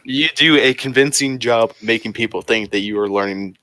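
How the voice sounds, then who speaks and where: A man running a tabletop game as game master over a voice call, laid-back and quick to laugh. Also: mid-range voice, pushed and bright, no room sound.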